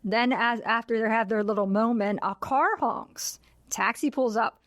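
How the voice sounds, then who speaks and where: Woman podcast host, retells movie scenes with lots of energy, kinda high voice, dry sound. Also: unhurried, dry recording. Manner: animated retelling, acts out quotes. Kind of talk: casual film discussion.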